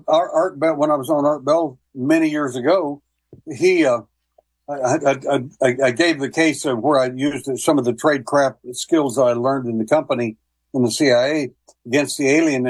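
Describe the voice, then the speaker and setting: A man's voice: mid-range voice, steady tone, normal speed, breathy edge, no room sound, rough recording. A man telling long stories as a guest on a call-in radio talk show, with many fillers and restarts. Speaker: guest, paranormal investigator. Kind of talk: casual radio interview.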